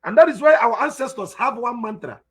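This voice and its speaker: Husky high-voiced Nigerian man lecturing emphatically. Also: lively intonation, fairly quick. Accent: Nigerian Igbo. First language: Igbo. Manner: emphatic, repeats points, asks rhetorical questions. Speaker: teacher. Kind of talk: spoken lecture.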